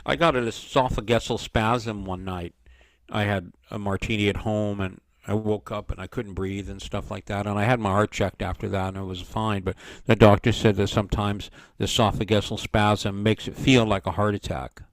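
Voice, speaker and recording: An older man spins loose, animated anecdotes as if chatting with an old friend on a video call. His voice sits fairly low and the sound is dry and close, with no room around it. He keeps circling back with "you know" as he goes. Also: normal speed, no echo. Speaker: mentor. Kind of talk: casual storytelling chat.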